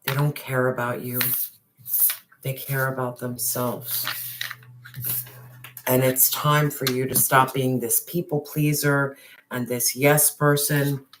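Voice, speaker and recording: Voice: mid-range voice, level tone, slow, pauses often, background noise. A tarot reader giving an intense, emphatic reading to a viewer, with slangy address and swearing, sometimes dropping to a whisper. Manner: drops to a whisper on some phrases.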